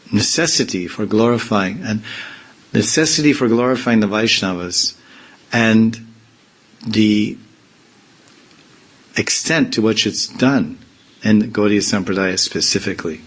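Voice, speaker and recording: A swami speaking in an informal spiritual discourse, rambling from point to point with playful asides. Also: male voice, on the low side, fairly bright tone, poor audio. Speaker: swami giving a spiritual talk. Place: temple community in India.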